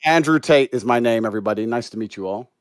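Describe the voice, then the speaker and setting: A man's voice: medium pitch, fast. A man with a mixed British and American accent, assertively lecturing in a livestream debate. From United Kingdom. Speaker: debate guest.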